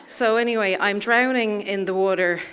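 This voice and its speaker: A woman's voice: mid-range voice, fairly even intonation, moderate pace, noisy background. A woman telling a personal story live on a theatre stage, in a wry, self-deprecating way, chuckling through her lines.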